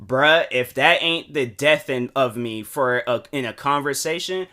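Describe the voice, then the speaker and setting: A man's voice: mid-range voice, measured pace, bright, forceful tone. A young man hosting a solo podcast, rambling casually with slang, lots of fillers and restarts, and acting out both sides of phone calls. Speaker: podcast host.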